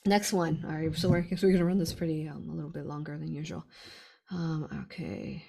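Casual woman host, low-ish voice, laughs a lot, talks straight to viewers. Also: fairly even intonation, fairly quick, creaky, warm tone. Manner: chatty, laughs often, addresses listeners as "you all". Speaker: spiritual channeler hosting a live stream. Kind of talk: casual spiritual talk answering viewer questions.

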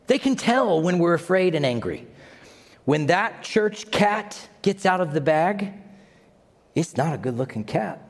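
A male pastor delivers a sermon in an animated, dramatic way, putting questions to the congregation. His voice sits fairly high and moves constantly up and down. A long reverb from the hall trails behind every line.

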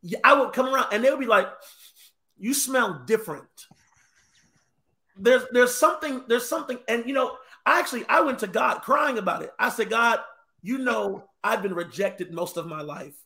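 A man's voice: very high-pitched, lively intonation, moderate pace, gravelly, pushed and bright. A man, a guest minister, telling a personal story earnestly with stammered restarts. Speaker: guest, apostle. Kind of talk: casual ministry discussion.

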